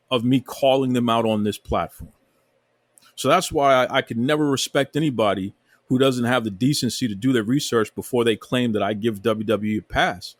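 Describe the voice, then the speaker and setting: A man's voice: medium pitch, dry recording. Man, podcast host, fired-up rant, preachy, repetitive, dry sound. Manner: fired up, preachy, repeats himself. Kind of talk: heated rant.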